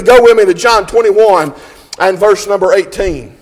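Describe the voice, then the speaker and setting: A man preaching a fervent sermon at a church service, reading scripture in King James wording and rising to shouts at his peaks. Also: sits high, moderate pace. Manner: impassioned, swells to shouting at peaks. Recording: long hall reverb.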